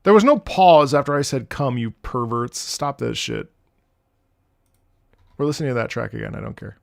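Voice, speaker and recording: A man streaming live, excitably reacting to music, reading chat and swearing often. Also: mid-range voice, moderate pace, vocal fry, dry recording, clean studio sound.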